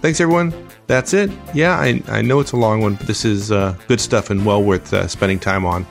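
Low gravelly guy wrapping up the show, friendly and upbeat, music playing under him. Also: a little fast. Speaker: podcast host. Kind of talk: closing a podcast episode.

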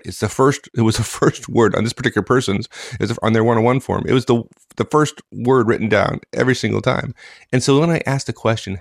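Man, very low voice, gravelly, dry close sound, storytelling chat. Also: brisk, dry recording. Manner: animated, repeats phrases. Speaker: co-host, manager.

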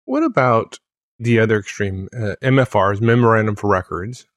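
A man with a fairly low voice co-hosts a casual podcast and asks his partner questions in a relaxed, conversational way. His voice is recorded dry and close, with no room sound. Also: moderate pace, no echo. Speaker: podcast co-host.

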